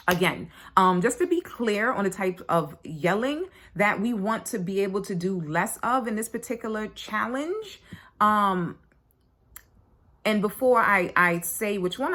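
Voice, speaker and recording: Her voice is medium-pitched and a bit bright as she, a parenting coach, chats bluntly with course members in a casual online session, cursing freely and ending lines with "right?" or dropping in "like".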